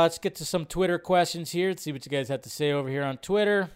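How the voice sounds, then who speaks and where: Brief: man, fairly high voice, live-stream host, rambling and foul-mouthed, loose casual delivery. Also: fast, clean tone. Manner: profane, rambling, frequent fillers.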